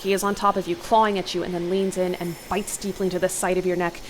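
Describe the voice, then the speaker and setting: A woman's voice: fairly low pitch, little pitch movement, quick pace, slight background noise, poor audio. A young woman hosting a let's play, reading an interactive horror novel aloud into a desk mic, breaking her dramatic reading with startled gasps and comments. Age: young adult.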